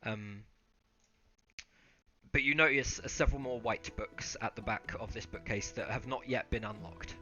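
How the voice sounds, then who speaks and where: A man running a tabletop game, narrating scenes in a relaxed, hesitant way full of ums and uhs. His voice is bright and sits at a middle pitch. The audio is slightly muffled, with faint music behind. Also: moderate pace. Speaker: game master.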